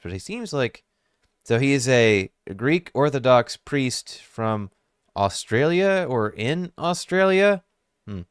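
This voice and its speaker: A man's voice: medium pitch, clean tone, dry recording. A man giving casual reaction commentary, musing wryly and thinking aloud on a close microphone. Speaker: YouTube commentator.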